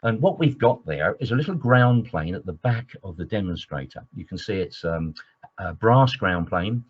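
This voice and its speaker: A man's voice: low-pitched, expressive, normal speed, husky. A man teaching as an engineering trainer in a webinar lecture, enthusiastic and digressive, with many fillers. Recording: dull lo-fi webinar audio.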